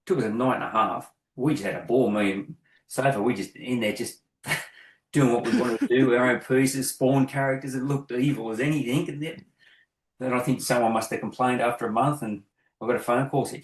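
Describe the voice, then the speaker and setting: A man's voice: mid-range voice, brisk. A middle-aged Australian man telling anecdotes in casual chat, acting out both sides of each story. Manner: animated, acts out both sides of his anecdotes. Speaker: guest graffiti artist. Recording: echoey room.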